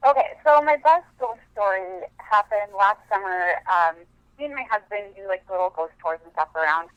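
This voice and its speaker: A woman's voice: medium pitch, animated, moderate pace, clear, resonant tone, no room sound. A woman from Montana calling in to a show by phone, telling a story in a chatty, rambling way. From Montana, USA. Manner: chatty, rambling with many fillers. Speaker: caller. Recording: dull phone-line audio.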